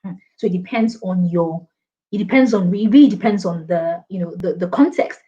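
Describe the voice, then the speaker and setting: A Nigerian woman giving a lively online workshop on presentations, emphatic and animated, often laughing and mimicking others. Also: on the low side, normal speed, lo-fi sound. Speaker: presentation skills speaker. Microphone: video call.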